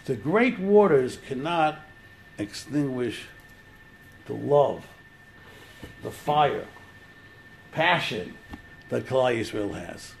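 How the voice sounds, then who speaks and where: Animated, gravelly man teaching scripture. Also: mid-range voice, very slow, long pauses, slight background noise. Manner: animated, storytelling, acting out quotes. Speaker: Torah teacher. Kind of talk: informal religious lecture.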